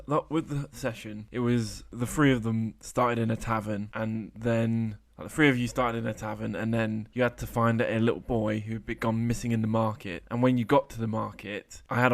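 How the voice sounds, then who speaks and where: A man's voice: medium pitch, vocal fry. A man with an ordinary mid-range voice hosts a podcast in a loose, casual way. He rambles and restarts his sentences often as he recounts running a tabletop session. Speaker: podcast host and game master. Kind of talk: casual chat.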